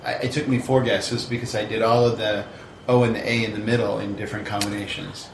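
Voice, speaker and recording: A man's voice: on the low side, flat delivery, a little fast, gravelly. A man co-hosting a podcast, talking in an easygoing, casual way. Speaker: podcast co-host. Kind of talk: casual chat. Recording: roomy with audible background hiss.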